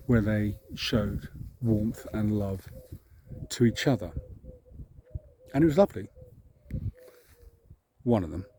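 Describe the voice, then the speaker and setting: A man's voice: on the low side, warm tone, a little hiss or hum. An Englishman telling a rambling, self-deprecating story from his childhood, chuckling at himself as he goes. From England. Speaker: vlog host. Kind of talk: casual storytelling. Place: outdoors, walking a dog.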